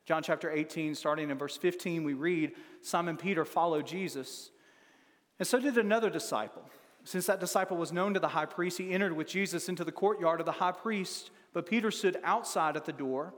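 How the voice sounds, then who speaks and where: A man's voice: fairly high pitch, fairly quick. A man preaching a sermon, reading scripture with dramatic shifts in emphasis. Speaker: pastor. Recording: long hall reverb.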